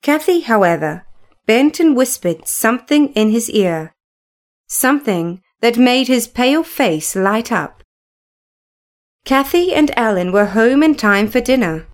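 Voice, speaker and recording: Woman reading a classic novel aloud, slow and steady, kinda high voice. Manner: measured, even reading. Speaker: narrator. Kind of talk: scripted storybook narration.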